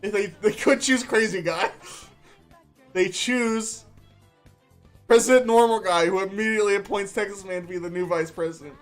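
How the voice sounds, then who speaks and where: A man's voice: sits high, fairly even intonation, moderate pace, long pauses, soft background music. Man reading a story aloud, amused. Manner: amused, often laughing while reading. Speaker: streamer.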